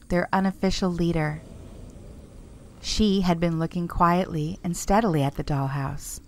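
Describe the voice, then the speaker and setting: A woman narrating a storybook in a gentle, measured way. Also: fairly low pitch, fairly even intonation.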